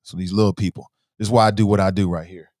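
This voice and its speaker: A man's voice: sits low, fairly even intonation, fast talker, darkish tone, dry recording, studio quality. A man hosting a talk show in a casual livestream commentary style, reading viewer comments aloud and often starting with "uh", then stressing words as he argues his points.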